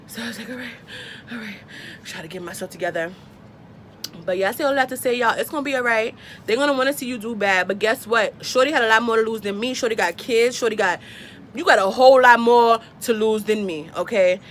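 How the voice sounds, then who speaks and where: Animated young woman telling a storytime. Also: a little fast, slight background noise. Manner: animated, acts out quotes with big pitch jumps. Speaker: vlogger. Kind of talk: casual storytime.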